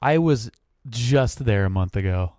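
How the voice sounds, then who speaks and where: A man, co-hosting a podcast, chiming in with eager quick remarks. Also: medium pitch, lively intonation, darkish tone, dry recording, studio quality. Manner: enthusiastic, quick interjections. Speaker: podcast co-host. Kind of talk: casual chat.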